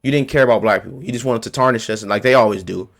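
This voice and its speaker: A man with a gravelly, fairly low voice races through a heated political rant to camera as a vlogger. Confrontational and blunt, he repeats his points in street slang to hammer them in.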